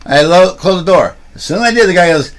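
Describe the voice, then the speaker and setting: A man's voice: high voice, lively intonation, fast talker. A man streaming and vlogging, talking casually and telling a long story with restarts and asides, filmed on a handheld camera. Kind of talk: casual rambling livestream talk.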